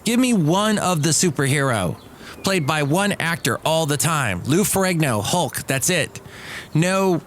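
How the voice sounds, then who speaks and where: A man's voice: fairly high pitch, lively intonation, unhurried, fairly bright tone, a little hiss or hum. A man hosting his own daily podcast, rambling and joking through his complaints. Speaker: podcast host. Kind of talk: casual solo podcast monologue.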